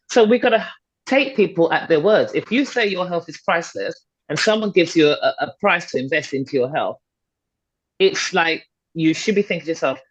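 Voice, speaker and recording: On dull, slightly lo-fi podcast audio, a middle-aged woman speaks low with a breathy edge. She's a fitness and confidence coach appearing as a guest, motivating listeners conversationally while pressing her case and repeating key points for emphasis.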